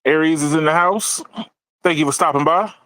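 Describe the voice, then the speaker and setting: Man, tech podcast host, casual chat, fairly high voice, dry close sound. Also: normal speed, dry recording, low-quality recording. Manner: animated, laughs often, repeats words as he talks.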